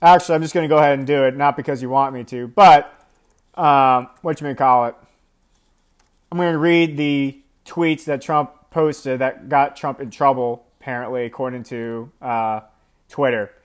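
A man's voice: mid-range voice, fairly even intonation, moderate pace. A man giving casual commentary on a news story in a rambling way, with plenty of fillers. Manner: rambling, filler-heavy delivery.

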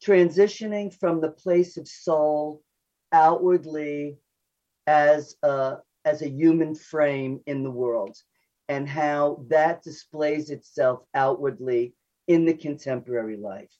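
An older woman, a psychoanalyst guest on a radio interview, talking fast and chatty and laughing at herself. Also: deep voice, warm tone. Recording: dull lo-fi radio audio.

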